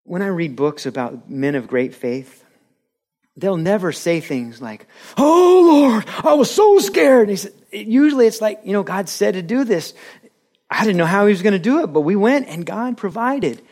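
Animated male pastor preaching. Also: high voice, moderate pace. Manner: animated preaching, laughing with the audience, acting out quotes. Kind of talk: sermon. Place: church.

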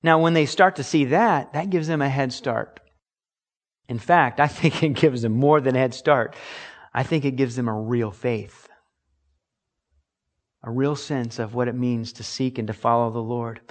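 A man's voice: medium pitch, a little slow. A man preaching a sermon as pastor, earnest and emphatic, acting out little examples.

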